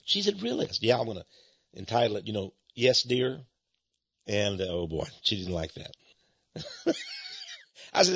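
Folksy male radio host, gravelly and husky, chuckling storyteller, dull dry studio sound. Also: on the low side, sharp tone, no room sound. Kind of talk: folksy rambling radio talk.

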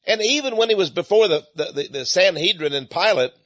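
A man's voice: high voice, expressive, a little fast, a bit bright, no echo. An older man with an East Texas accent, preaching in a folksy sermon style and often repeating his words. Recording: slightly dull lo-fi recording.

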